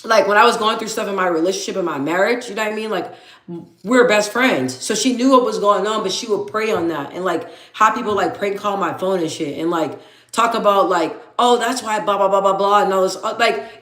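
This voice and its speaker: A woman's voice: medium pitch, brisk, a bit bright. A woman hosting a casual livestream, talking candidly to viewers, reading their comments aloud and repeating phrases for emphasis. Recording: echoey room.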